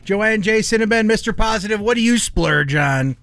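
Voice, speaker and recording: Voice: medium pitch, lively intonation, normal speed, a bit bright, no echo. Encouraging morning radio co-host. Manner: laughing, encouraging.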